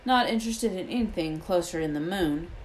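A woman voicing a huge, gruff male gamekeeper in a storybook reading, brusque and rustic in manner. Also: on the low side, expressive, brisk, a little hiss or hum, lightly acted, low-quality recording. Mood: gruff impatient.

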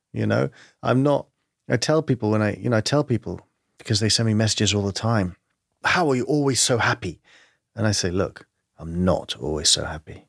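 A man's voice: fairly low pitch, vocal fry, no echo, clean studio sound. A man speaking as an interview guest, reflective and earnest, thinking aloud with many "you know" and "like" fillers. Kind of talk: candid conversational interview.

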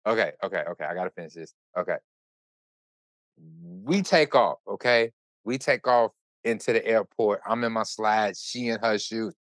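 A man hosting a podcast, telling a story in casual chat with animated, profane, run-on delivery. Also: lowish voice, moderate pace, no room sound. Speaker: podcast host.

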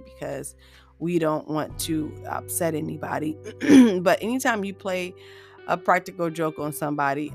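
A woman hosting a solo motivational podcast, chatty and upbeat, often laughing as she talks to her listeners as "you guys". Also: low voice. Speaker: podcast host.

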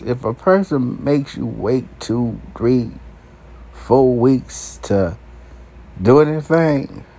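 A male talk show host rambling through an unscripted solo monologue, crude and profane, chuckling between his remarks. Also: mid-range voice.

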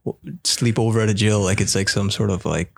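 A man's voice: on the low side, fairly even intonation, brisk, gravelly, slight background noise. A man as a podcast guest in casual chat, playful and laughing as he tells stories.

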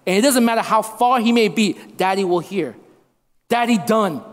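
A man's voice: sits high, animated, normal speed. A man in his thirties preaching a sermon as a pastor, repeating lines for emphasis. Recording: long reverb of a hall.

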